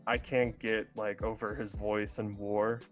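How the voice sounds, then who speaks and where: A man's voice: on the low side, little pitch movement, a little slow, soft background music. A young man as a podcast guest, chatting casually, hesitant and laughing often. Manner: hesitant, many fillers and restarts, laughs often. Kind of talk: casual chat.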